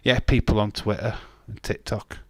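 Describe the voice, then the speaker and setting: A man's voice: on the low side, flat delivery, moderate pace, dry recording. A man, casually chatting on a live stream and bantering with chat comments, swearing now and then.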